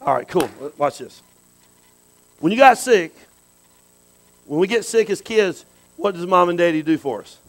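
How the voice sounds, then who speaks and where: A man preaching a sermon in a conversational way, dropping to low asides and then bursting into loud exclamations. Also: animated, a little slow, long pauses, rough recording. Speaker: pastor.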